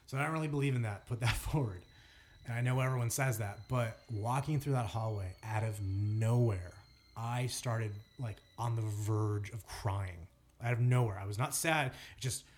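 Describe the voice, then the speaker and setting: A man's voice: medium pitch, normal speed, darkish tone, slight background noise. A man co-hosting a podcast, telling a story in casual chat with many fillers and restarts. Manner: rambling storyteller, lots of fillers. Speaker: podcast co-host.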